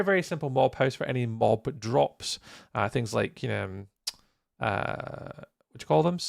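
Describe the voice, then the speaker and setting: A tired livestreamer who hosts a server rambles through a casual live-stream chat while building in a game, yawning and greeting viewers by name. His mid-range voice is a bit bright but heavily gravelly, with lots of vocal fry. The sound is close and completely dry, with no room sound.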